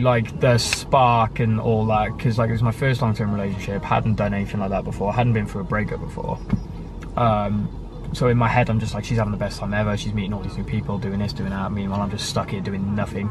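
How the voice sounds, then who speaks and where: A man's voice: lowish voice, fairly even intonation, fast. Young uk guy rambling casually, lots of ums and restarts, bit of faint noise behind. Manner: rambling, with many fillers and self-corrections. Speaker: guest sharing his story. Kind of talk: casual conversation.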